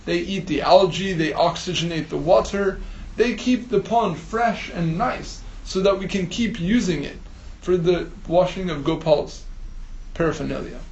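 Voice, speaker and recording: A calm caretaker explains his reasoning in a quiet, patient voice, as a man voices him in a story. The voice sits high, with a roomy echo and faint background ambience. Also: a little slow, creaky, slight background noise. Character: calm older male temple caretaker explaining.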